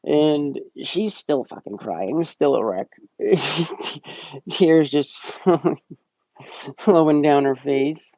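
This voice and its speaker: A man's voice: fairly high pitch, expressive, extremely slow, warm tone, no room sound. A young man casually reviewing a movie on a live stream, rambling and swearing, often laughing. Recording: slightly muffled dry stream audio.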